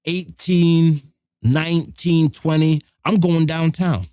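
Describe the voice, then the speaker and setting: A middle-aged man, hosting a live show and telling a rough, profane story in casual street slang. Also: on the high side, fairly even intonation, slow pace, mellow, dry recording.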